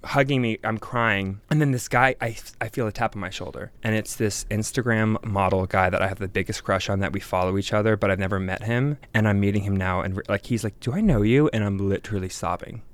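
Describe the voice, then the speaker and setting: A young man co-hosting a podcast, telling a story in casual chat with animated voices for the people in it. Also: on the low side, fairly quick, few pauses. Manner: animated, acts out quoted voices, laughs often.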